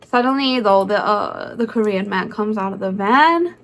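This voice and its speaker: A woman narrating a casual vlog in a chatty, excitable way, full of fillers like "um" and "like.". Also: medium pitch, normal speed. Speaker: concert vlogger.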